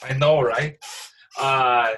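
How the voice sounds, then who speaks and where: A man hosting a casual sports podcast, moving through the segments and reacting with quick exclamations. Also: medium pitch, fairly even intonation, sharp tone, a little hiss or hum, rough recording. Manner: reacts with short exclamations, runs the show segments. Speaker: podcast host.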